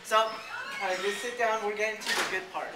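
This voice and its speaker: A man's voice: high-pitched, fairly even intonation, brisk, background noise. A man casually telling a rambling, jokey childhood story, swearing now and then, in a school hallway. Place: school hallway outside a band room. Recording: echoey hallway.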